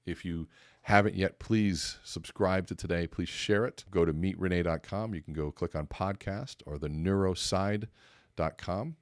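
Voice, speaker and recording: This podcast host, who also coaches speakers, has a low voice captured in a dry, clean studio recording. His motivational talk is about conversation, and he brings his stories to life by performing their dialogue loudly.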